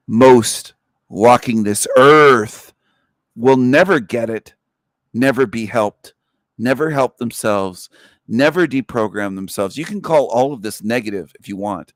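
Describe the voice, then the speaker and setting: A man's voice: medium pitch, expressive, normal speed, no echo, clean studio sound. A man hosting a livestream, delivering a contemptuous, mocking rant to his viewers. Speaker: livestream host. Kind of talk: ranting livestream monologue.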